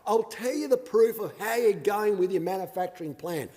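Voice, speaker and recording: An Australian man with a high voice argues his point in a sarcastic, combative parliamentary speech. His words ring out with a long reverb through a large chamber. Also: expressive, moderate pace, mellow. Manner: combative and sarcastic, mocking opponents. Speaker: member of parliament.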